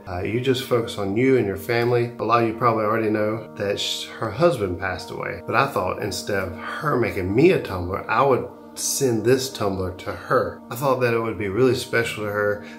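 A man hosting a hands-on craft tutorial, chatting casually and gushing with excitement as he works. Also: fairly low pitch. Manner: enthusiastic, gushing, exclaims while working. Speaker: airbrush artist and channel host.

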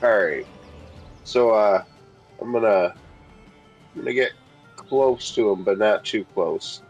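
A man's voice: slow pace, soft background music. A man chatting casually as a player in an online tabletop game, hesitant with many fillers. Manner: hesitant, lots of uh fillers, animated pitch.

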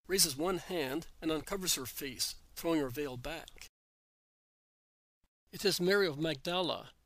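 A man reads a religious story aloud in steady, measured narration. His voice sits a little high for a man and sounds close and dry, with no room around it. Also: no echo, rough recording.

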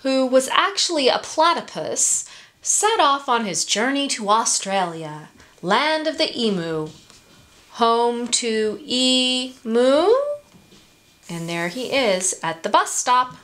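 A woman reads a children's picture book aloud at an unhurried pace. Her voice is high and swoops widely up and down. She pauses to ask the young listeners questions. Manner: expressive, sing-song, asks listeners questions. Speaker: story time reader.

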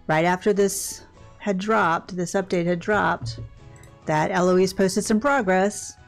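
An older woman with a gravelly, creaky voice talks casually over gameplay. She rambles along, cutting herself off mid-thought and starting over. Soft music plays faintly behind her. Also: fairly low pitch. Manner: chatty, rambling, self-interrupting. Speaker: gaming channel host.

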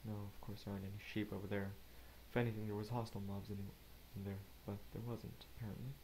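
A man giving casual let's play commentary, rambling and talking to himself with quick asides. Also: fairly low pitch, flat delivery, darkish tone, a little hiss or hum. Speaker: gamer narrating gameplay.

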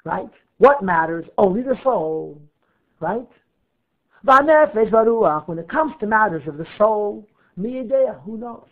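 A rabbi teaching a class, lively, weaving Hebrew terms into his English and asking himself questions to answer them. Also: high-pitched, unhurried. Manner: animated, asks and answers his own questions. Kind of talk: Torah class lecture. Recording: narrow phone-like audio.

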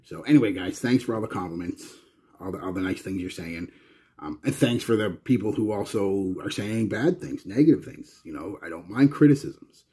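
A Canadian man talks casually to his viewers, wandering through his thoughts with plenty of restarts. His voice sits very low with a husky, breathy edge. The delivery is loose, chatty vlog talk. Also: lively intonation, moderate pace, mellow. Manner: rambling and chatty, with frequent restarts. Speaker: fragrance reviewer.

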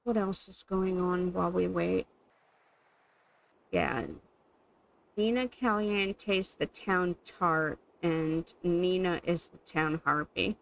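Slow, gravelly woman narrating gameplay. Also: on the low side, fairly even intonation, poor audio. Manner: chatty, amused, thinking aloud while playing. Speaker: gaming channel host. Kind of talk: casual gameplay commentary.

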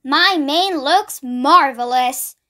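A young woman reading a vain, boastful male zebra in a slow, self-satisfied way for a storybook. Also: high-pitched, pushed and bright, heavily acted.

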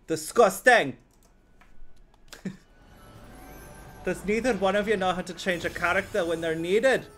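A man giving rambling, swearing, excitable commentary while playing a video game. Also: sits high, moderate pace, faint music behind. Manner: rambling, excitable, swears often, laughs a lot. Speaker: gaming video host. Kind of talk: let's play commentary.

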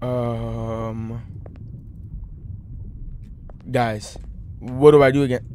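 A man's voice: mid-range voice, fairly even intonation, slow, noisy background. A young man commenting on a horror game, talking to viewers and yelping when startled. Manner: jumpy, talks to viewers, yelps when startled. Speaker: gaming channel host.

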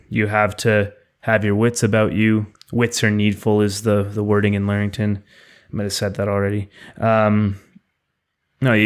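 A man with a lowish, even voice that stays close to one level. He talks through ideas thoughtfully, turning each point over as he goes in a casual podcast discussion. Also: clear, resonant tone. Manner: thoughtful, reflective. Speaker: podcast co-host.

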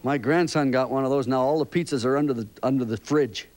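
An older man hosting a children's TV show, gently interviewing young kids in a chatty, rambling, fatherly way. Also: mid-range voice, quick pace.

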